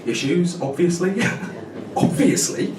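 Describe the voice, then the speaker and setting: A man in his thirties working a pub crowd with a stand-up set, chatty and always checking in with his listeners. He is caught from a distance in a boomy room, with loud noise running underneath. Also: animated, brisk, echoey room. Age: 30s. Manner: chatty, keeps checking in with "right?". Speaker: stand-up comedian. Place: pub comedy night with a live audience.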